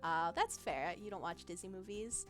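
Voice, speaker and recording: A woman's voice: fairly low pitch, lively intonation, moderate pace. A woman streaming as a vtuber, chatting casually, giggling often and losing her train of thought as she reacts to chat. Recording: faint background music.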